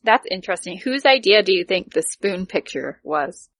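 A woman's voice: lowish voice, animated, normal speed, fairly bright tone, no room sound. A woman co-hosting a podcast in casual chat, playful and speculative. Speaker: podcast co-host.

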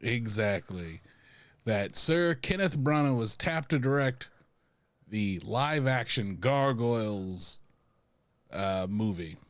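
A man's voice: medium pitch, expressive, slow pace, no room sound. A man co-hosting a podcast in casual pop culture chat, laid-back with dry humor. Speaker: podcast co-host.

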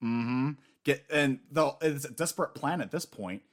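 Rambling, animated man co-hosting. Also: medium pitch, moderate pace. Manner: rambling, animated, swears casually. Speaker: podcast co-host. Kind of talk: casual chat about manga chapters.

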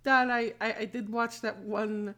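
A woman's voice: on the high side, steady tone, unhurried, sharp tone. A woman co-hosting a casual chat, rambling with many fillers. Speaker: podcast co-host.

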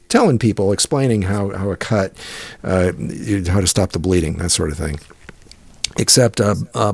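A man's voice: low voice, vocal fry, husky, no echo. A middle-aged man telling a long story in casual chat, rambling and profane, with many restarts and fillers.

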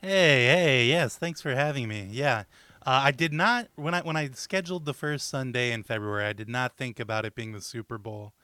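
A man's voice: medium pitch, moderate pace, pushed and bright, clear, resonant tone, no echo. A man chatting casually as a podcast guest, in a friendly, easy way. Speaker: podcast guest, game streamer. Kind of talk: casual chat.

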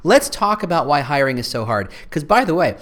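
A man's voice: a little high, big pitch swings, a little fast, a bit bright. A man hosting his own podcast, talking alone in a rambling way with self-deprecating, playful asides. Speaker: podcast host. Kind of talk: solo podcast monologue.

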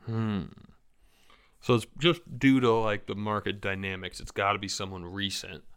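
A man's voice: fairly low pitch, fairly even intonation, normal speed, fairly bright tone, clear, resonant tone. A man co-hosting a podcast, talking casually and hesitantly with plenty of fillers. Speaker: podcast co-host.

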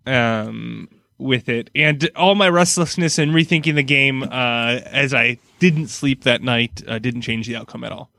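A man's voice: mid-range voice, unhurried, creaky, bright, forceful tone, no echo. A middle-aged man co-hosting a casual sports podcast, rambling and laughing often as he vents his frustration.

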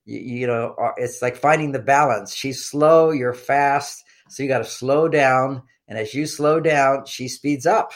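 A man's voice: medium pitch, measured pace, hardly any pauses. Older man explaining in rambling fashion. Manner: rambling, with frequent fillers and restarts; explanatory, coaching tone. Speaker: guest expert on relationships. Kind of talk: casual interview talk.

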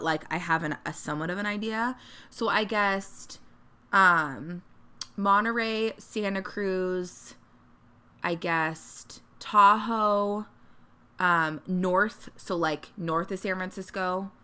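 A woman's voice: medium pitch, takes it slowly, pushed and bright. A young woman co-hosting a podcast, telling a story in casual chat and acting out the quotes. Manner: chatty storyteller, acts out quotes. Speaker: podcast co-host. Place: Northern California.

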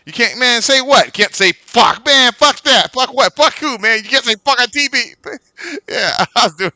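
A man chatting casually about a movie, animated and profane, acting out lines and laughing often. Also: very high-pitched, normal speed, no echo.

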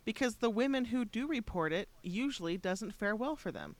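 A woman's voice: on the high side, animated, moderate pace, no room sound. A woman co-hosting a casual chat, earnestly asking questions.

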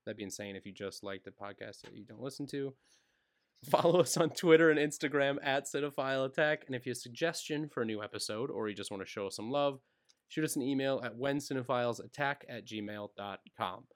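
Casual male podcast host, mid-pitched voice, loose and jokey. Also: fairly quick. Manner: loose, joking, rattles off sign-off plugs. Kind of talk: casual podcast chat and outro.

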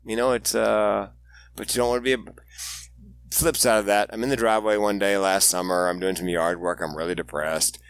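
A man's voice: on the low side, steady tone, brisk, vocal fry, clear, resonant tone, no room sound. A man speaking as a guest on an interview podcast, telling candid stories with dry humor. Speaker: guest, suicide prevention speaker.

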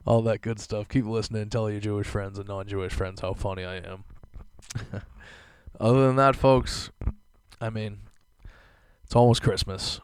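A man's voice: fairly low pitch, fairly even intonation, moderate pace, pauses often, smooth, dry recording. Profane, rambling young man, dry close sound. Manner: profane, rambling, laughs often. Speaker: podcast host. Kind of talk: casual solo podcast rant.

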